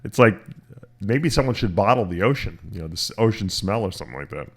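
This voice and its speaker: A middle-aged man hosting a casual podcast chat, telling lively stories, cursing and acting out the voices of people he quotes. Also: fairly low pitch, fast, slightly rough. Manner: animated storytelling, swearing, acting out quoted voices. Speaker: podcast host.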